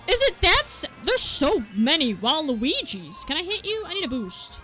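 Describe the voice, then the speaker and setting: A young woman giving excited gameplay commentary. She yelps, swears and laughs at herself as she plays. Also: high-pitched, normal speed, hardly any pauses, loud music behind the voice. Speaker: gaming video creator.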